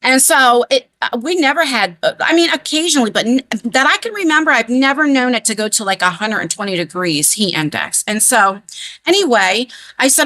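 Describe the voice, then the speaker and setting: Lady vlogging from her attic, higher voice, rambly and emphatic, dry close sound. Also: animated, normal speed, pushed and bright, no room sound. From New Jersey. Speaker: beauty vlogger. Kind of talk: casual chatty storytelling. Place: converted attic room at home.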